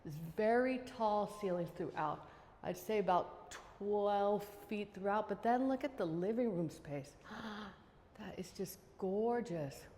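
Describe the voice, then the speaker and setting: A woman real estate agent walks through a house, chatty and full of gushing enthusiasm. Her voice is mellow and relaxed, with a long reverb trailing behind it. A faint background hum sits under her talk. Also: medium pitch, measured pace. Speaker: real estate agent giving a home tour. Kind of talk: casual walking home-tour narration. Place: outdoors then inside a large house.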